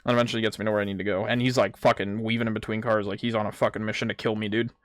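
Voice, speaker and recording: A man's voice: fairly low pitch, flat delivery, rapid-fire, a little hiss or hum. Swearing young man rambling while gaming. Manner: rambling, heavy swearing, lots of fillers. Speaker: gaming vlogger.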